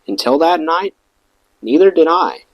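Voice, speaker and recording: A man's voice: fairly high pitch, big pitch swings, a little slow, dry recording, lo-fi sound. A man reading a rock memoir aloud as an audiobook, giving the quoted lines their own voices. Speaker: audiobook reader.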